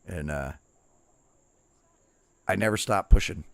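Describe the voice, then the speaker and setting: Deep-voiced guy swearing his way through old stories, dry close sound. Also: slow, vocal fry, no room sound. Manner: profane, storytelling, barks quoted drill shouts. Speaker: streamer. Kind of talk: casual storytelling chat.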